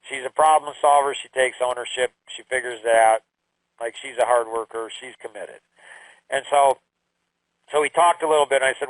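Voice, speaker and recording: A man's voice: medium pitch, normal speed, a bit bright, no echo, low-quality recording. A middle-aged man telling parenting stories in a casual, conversational way, repeating phrases and acting out quotes. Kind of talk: casual storytelling talk.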